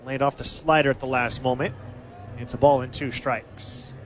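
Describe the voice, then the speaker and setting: A man calling live baseball play-by-play as the team's announcer, giving steady, stat-heavy recaps of the game. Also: medium pitch, moderate pace, a little hiss or hum.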